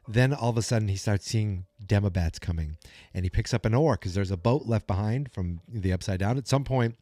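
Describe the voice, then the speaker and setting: Male podcast host, mellow lowish voice, rambling casual recap, dry close sound. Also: no echo. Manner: rambling, filler-heavy storytelling.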